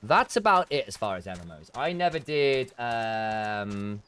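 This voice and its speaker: Brief: male game streamer, casual rambling commentary, very animated intonation. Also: fairly low pitch, a little slow, a little hiss or hum. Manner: rambling, chatty, self-interrupting. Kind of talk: let's play commentary.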